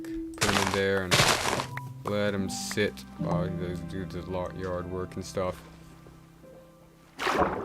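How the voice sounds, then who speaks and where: A young man, streaming a game and chatting casually in a rambling way, full of fillers and restarts. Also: deep voice. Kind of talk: casual rambling chat while playing a game. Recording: game music playing clearly behind the voice.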